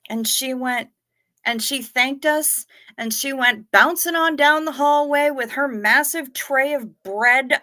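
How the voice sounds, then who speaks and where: A woman chats unhurriedly on her livestream, her voice pitched a touch high and sharp-edged. She swears freely and talks back to her viewers. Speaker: livestream host. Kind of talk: casual livestream chat.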